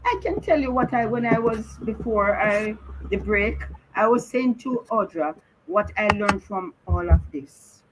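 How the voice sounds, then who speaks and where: A middle-aged woman talks with earnest urgency, repeating herself as she pleads with listeners. Her voice sits at an everyday middle pitch. A clear layer of noise runs under the radio recording. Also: animated, measured pace. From Jamaica. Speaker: radio guest, bereaved mother. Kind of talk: emotional radio talk.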